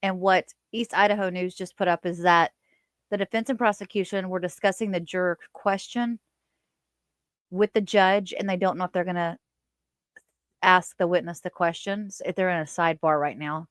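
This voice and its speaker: A woman's voice: lowish voice, steady tone, moderate pace, no room sound, studio quality. Chatty woman hosting a livestream. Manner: chatty, reads viewer comments aloud. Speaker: livestream host. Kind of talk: casual live commentary.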